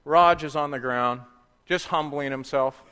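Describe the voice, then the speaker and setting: A man preaching a sermon, sometimes dropping to a soft, hushed voice. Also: fairly high pitch, unhurried, clean tone, big-room sound. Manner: drops to a soft, hushed voice for quiet reflection. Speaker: pastor.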